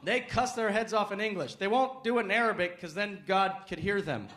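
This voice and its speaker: A man from the United States performing a stand-up comedy set, with punchy delivery that climbs to shouts on punchlines, recorded live on a handheld mic. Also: sits high, brisk, very noisy. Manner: punchy, acts out voices and rises to shouting on punchlines. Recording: live club, loud crowd and laughter.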